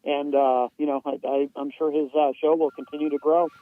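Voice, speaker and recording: A man co-hosting a studio podcast, speaking casually with frequent pauses and restarts. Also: a little high, level tone, phone-quality sound. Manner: hesitant, many uhs and restarts. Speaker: co-host. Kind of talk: casual chat.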